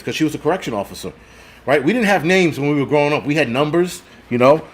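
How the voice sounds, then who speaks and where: A man's voice: fairly high pitch, expressive, quick pace. A man in his forties hosting a casual livestream, ranting bluntly and profanely and reading out viewer comments. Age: 40s. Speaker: host.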